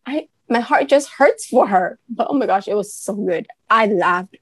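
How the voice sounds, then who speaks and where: A woman's voice: medium pitch, unhurried, slightly rough. Giggly gushing woman book podcaster. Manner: gushing, giggly, animated reviewer. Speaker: podcast co-host. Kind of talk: casual book chat.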